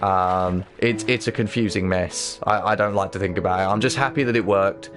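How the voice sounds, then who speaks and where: British man, low voice, gaming livestream chatter, excitable, swears and stammers, faint music behind. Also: normal speed. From Britain. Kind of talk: casual gaming livestream chat.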